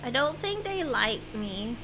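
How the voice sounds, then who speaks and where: A woman's voice: high-pitched, very animated, measured pace, background noise. A woman streamer giving playful, casual commentary while playing a game, swearing and chatting with viewers.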